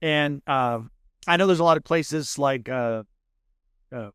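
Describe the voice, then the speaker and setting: A man's voice: on the high side, measured pace, a bit bright, clear, resonant tone, no room sound. Laid-back guest man in a dry studio. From California. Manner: laid-back, enthusiastic, says "man" and "dude" often. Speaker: podcast guest, food show host. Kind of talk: casual chat. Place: podcast studio.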